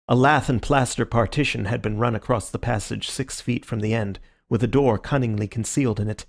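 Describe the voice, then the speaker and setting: A man reading a classic detective story aloud as an audiobook narrator, in a steady storytelling manner. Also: mid-range voice, a little fast, gravelly, hardly any pauses. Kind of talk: scripted narration.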